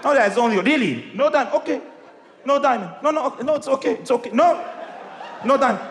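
A comedian doing a shouting, never-satisfied dad. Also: male voice, very high-pitched, lively intonation, fast talker. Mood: indignant. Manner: shouting, indignant, sarcastic. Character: exasperated demanding Arab father, loud and mocking. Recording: echoey hall with audience.

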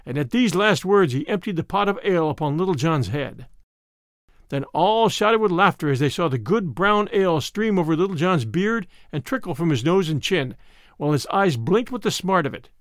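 A man hosting a show, reading a classic storybook aloud in a measured, expressive way. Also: fairly high pitch, no echo, studio quality.

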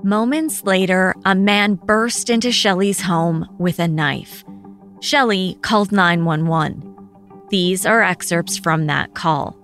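A woman narrating a true crime news segment in a measured, grave, scripted way. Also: lowish voice, fairly bright tone, soft background music.

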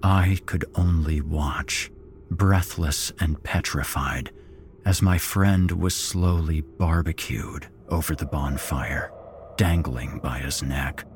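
Male horror narrator, deep and unhurried, grim and dramatic. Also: a little mellow. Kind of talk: first-person horror story narration.

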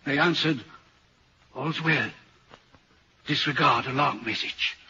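A man's voice: mid-range voice, slow pace, sharp tone, a little hiss or hum. A haunted railway signalman. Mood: troubled. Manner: earnest and troubled, recounting a ghostly sighting. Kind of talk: 1940s radio acting. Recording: dull old radio recording.

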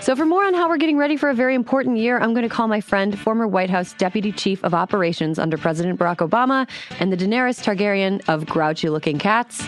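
A woman's voice: medium pitch, fast, faint music behind. A woman hosting a podcast, chatting casually with a wry, joking delivery. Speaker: podcast host.

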